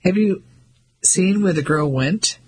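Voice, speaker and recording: A man voicing a big, burly French lorry driver who shouts and demands answers. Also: sits high, slow pace, slight background noise, voice pushed up, low-quality recording. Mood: aggressive.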